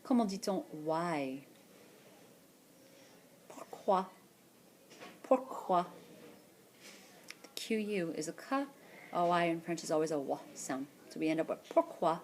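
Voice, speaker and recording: A woman teacher narrating a screencast lesson, explaining patiently and repeating French words slowly for practice. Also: sits low, a little mellow, a little hiss or hum. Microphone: tablet or headset mic for screencast voice-over.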